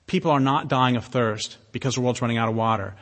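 A man giving an impassioned public talk, blunt and sardonic, with emphatic stresses and long pauses. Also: mid-range voice, a bit bright. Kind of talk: impassioned lecture to an audience. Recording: long reverb of a hall.

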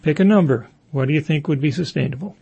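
A man's voice: fairly high pitch, quick pace, vocal fry, warm tone, husky. A man hosting an interview and asking probing, direct questions. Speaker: interview host.

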